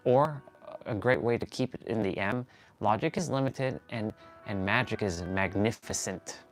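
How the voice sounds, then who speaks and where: Male livestream host, lower register, earnest and meandering, thinks aloud while stretching on the floor. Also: moderate pace, soft background music. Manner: earnest, rambling, restarts and corrects himself. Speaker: fitness and motivation livestream host. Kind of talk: motivational talk while stretching.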